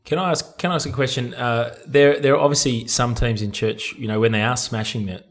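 A man's voice: medium pitch, fairly even intonation, fairly quick. A man co-hosting a church ministry podcast, asking questions and reading the outro in a chatty, joking way. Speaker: podcast co-host.

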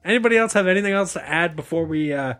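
A man's voice: sits high, lively intonation, fairly bright tone. Laughing man hosting a comedy chat. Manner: laughing, playful, rapid asides. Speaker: podcast host.

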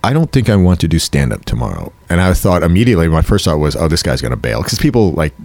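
A man's voice: low-pitched, fast, no echo. A man hosting a comedy show, telling stories in a casual chat and acting out the voices of people he quotes. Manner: animated storyteller, acts out quoted voices.

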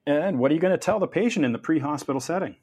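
Male podcast host, casual and jokey, animated pitch. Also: racing, breathy edge. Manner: lively, jokey, asks questions.

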